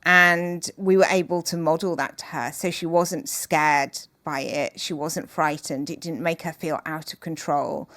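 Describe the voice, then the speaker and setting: A woman guest in an interview, speaking in an earnest, measured and openhearted way. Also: low voice, fairly even intonation, fairly bright tone, dry recording. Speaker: podcast guest, author. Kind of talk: reflective interview conversation.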